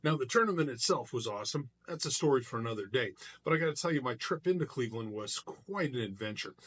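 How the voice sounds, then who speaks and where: A middle-aged man, a martial artist, telling a personal story in a casual vlog, animated and loose with frequent restarts. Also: mid-range voice, fast, husky.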